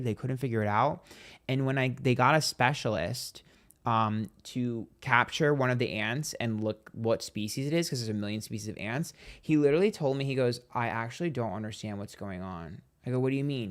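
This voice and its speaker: A man hosting a psychic livestream, telling stories in a sassy, dramatic, profane way, speaking quietly on a train. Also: mid-range voice. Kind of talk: casual livestream chat.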